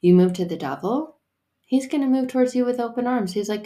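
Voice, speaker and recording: Her voice is a little high and dark in tone, and she talks briskly. She's a faith coach hosting a solo podcast, casual and playful with real emphasis and the occasional curse.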